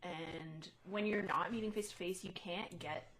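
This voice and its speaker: A woman's voice: on the low side, unhurried, a bit bright, rough recording. A young woman co-hosting a podcast, chatting candidly and expressively. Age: young adult. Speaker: podcast co-host. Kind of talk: casual chat.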